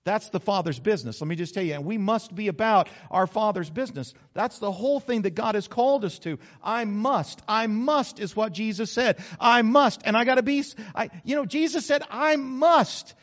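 Male pastor, high-pitched, chatty folksy sermon delivery, slightly dull recording. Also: lively intonation, quick pace, hardly any pauses. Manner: folksy, conversational preaching with acted asides.

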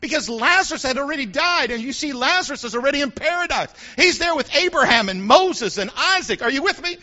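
A man preaching a sermon to his congregation, animated and preacherly, acting out the voices he quotes. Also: very high voice, a little fast, highs cut off. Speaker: pastor. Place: church sanctuary with congregation.

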